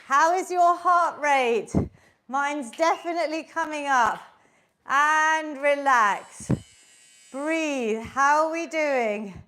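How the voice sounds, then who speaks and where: A woman's voice: high voice, slow, pushed and bright. A woman leading a live online workout class, upbeat and encouraging, counting down reps and slightly out of breath. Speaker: fitness instructor.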